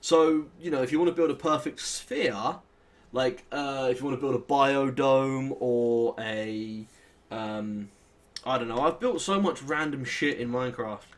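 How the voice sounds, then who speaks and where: Rambling British lad narrating gameplay. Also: male voice, mid-range voice, unhurried. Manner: rambling, self-deprecating, thinks aloud while playing. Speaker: let's play host. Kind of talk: casual gameplay commentary.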